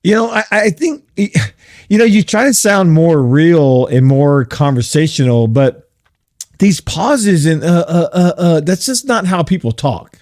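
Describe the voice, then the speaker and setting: A man in casual podcast chat, wry and hesitant. His voice sits fairly high and moves around a lot. The sound is close and dry. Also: expressive, measured pace, a little mellow, dry recording. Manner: wry, hesitant, many fillers. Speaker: podcast co-host.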